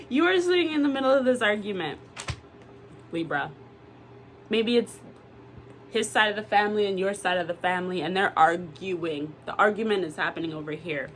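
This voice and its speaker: A woman doing a casual tarot reading to camera, animated and exclamatory, swearing freely. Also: medium pitch, moderate pace, a little hiss or hum. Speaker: tarot reader.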